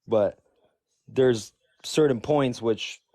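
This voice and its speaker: A man's voice: mid-range voice, very slow, dark tone. Guy arguing his point loose and casual, lots of likes, cusses a bit. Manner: casual, swearing, filler-heavy. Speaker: debater. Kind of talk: casual debate.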